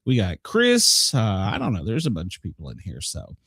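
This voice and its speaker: Animated Southern man hosting a show. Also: deep voice, husky, dry recording. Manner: rambling, folksy, quick jokes with many fillers. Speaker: host. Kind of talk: casual radio and livestream chat.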